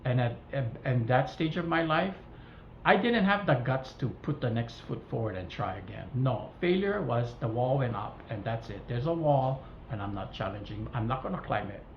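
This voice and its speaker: A woman from Hawaii with a bass voice and a Hawaiian Pidgin-tinged accent vlogs a casual rant from her home kitchen at a moderate pace. She tells the story with animation, acting out the dialogue, and the recording sounds roomy, slightly dull, with faint hiss.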